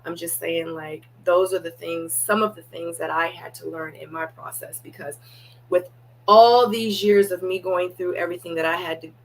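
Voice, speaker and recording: A woman's voice: lowish voice, steady tone, moderate pace, gravelly, a little hiss or hum, low-quality recording. A woman hosting a live reaction watch party, talking candidly and straight to her viewers. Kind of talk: casual reaction commentary.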